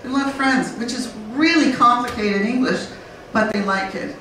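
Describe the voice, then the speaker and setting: A woman speaking on a conference panel in a lively, blunt way, acting out learners and babies. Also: on the high side, normal speed. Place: conference room. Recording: very echoey room from far off, faint noise.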